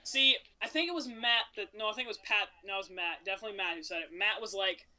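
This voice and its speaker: A man's voice: high-pitched, fast, pushed and bright. A man co-hosting a casual podcast, rambling and joking about himself while talking games. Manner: rambling, self-deprecating joking. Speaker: podcast co-host, game commentator.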